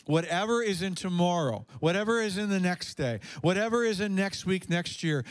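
A man's voice: high voice, expressive, moderate pace. A male pastor preaching a sermon to a congregation in a church, impassioned, often repeating words and restarting sentences. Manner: impassioned, rising to fervent peaks.

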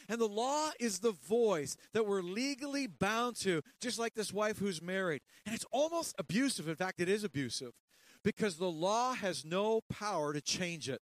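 Male pastor, high voice, animated sermon, repeats words, calls for responses.

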